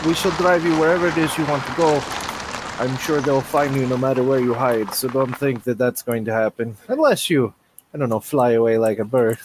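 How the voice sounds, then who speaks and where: A man's voice: mid-range voice, fairly quick, background noise, close to an everyday voice. A man voicing a flamboyant, wealthy older patron who talks in grand, theatrical flourishes. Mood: expansive.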